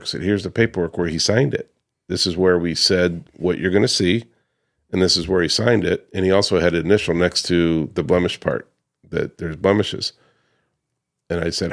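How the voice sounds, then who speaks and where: A man's voice: deep voice, a little fast, gravelly. A man who runs a paver restoration business, casually recounting a client dispute, slipping into the voices of the people he quotes, with plenty of ums and restarts. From United States. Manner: conversational, acts out quoted customers, frequent ums and restarts. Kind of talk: casual storytelling to camera.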